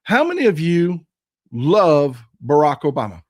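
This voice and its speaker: A man hosting a live political stream, hoarse and strained from yelling, talking with impassioned repetition straight to his viewers. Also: a little high, huge pitch swings, a little slow. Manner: impassioned, repetitive, addresses the chat directly. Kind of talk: casual political talk.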